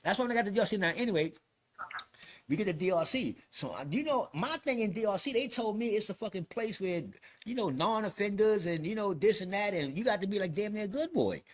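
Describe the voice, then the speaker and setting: A man's voice: high-pitched, fairly quick. A man with a New York accent, hosting a podcast, telling a story in casual street slang with lots of swearing and acted-out quotes. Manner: animated, profane, street slang, acts out quotes. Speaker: podcast host.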